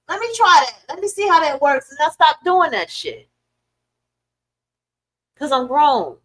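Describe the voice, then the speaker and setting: A middle-aged woman hosting a podcast, ranting in casual, profane commentary with sudden loud swings and a dry throat. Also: high-pitched, very animated, measured pace, rough recording. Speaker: podcast host.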